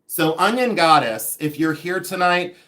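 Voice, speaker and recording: A man's voice: on the high side, unhurried. A man hosting a live jewelry sale stream, chatting in a gossipy, rambling way with frequent laughter and side stories. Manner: gossipy, animated, laughs often, rambling asides. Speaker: livestream host selling vintage jewelry. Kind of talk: chatty livestream monologue.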